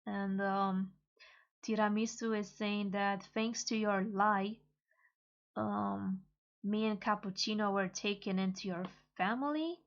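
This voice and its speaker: A woman casually reading and translating a comic aloud, halting and hesitant with many pauses and fillers. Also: medium pitch, steady tone, lo-fi sound. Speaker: manga reader and translator.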